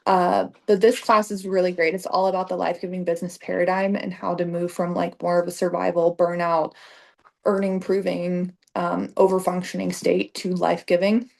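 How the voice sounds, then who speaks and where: Chatty woman coach with a gravelly edge. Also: lowish voice, little pitch movement, moderate pace, a little mellow. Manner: chatty, filler-heavy, emotional and gushing. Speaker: business coach. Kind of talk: casual direct-to-camera talk.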